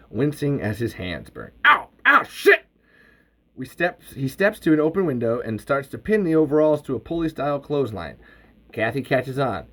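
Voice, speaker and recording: An animated man reading a script aloud. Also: mid-range voice. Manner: animated, expressive, swearing asides. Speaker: host reading a film script.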